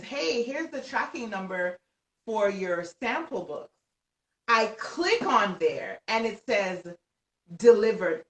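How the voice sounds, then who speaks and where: An excitable woman tells a story with lots of energy, at times laughing and shouting. Her voice sounds set back from the mic and echoes around a roomy space. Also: a little high, far from the mic. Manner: animated, breaks into laughs and shouts when excited. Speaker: guest author. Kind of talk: excited storytelling on a live stream.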